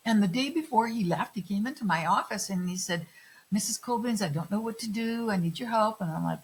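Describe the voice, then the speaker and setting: A middle-aged woman telling personal stories in a candid interview, animated and swearing freely as she acts out other people's lines. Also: mid-range voice, brisk, low-quality recording. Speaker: guest. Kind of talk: candid conversational storytelling.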